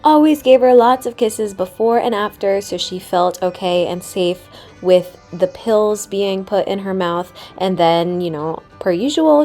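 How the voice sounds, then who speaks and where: A woman's voice: fairly low pitch, darkish tone. A young woman hosting a vlog, giving a tender, emotional voiceover with a gushing, heartfelt manner. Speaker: vlog host. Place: voiceover recorded separately from footage.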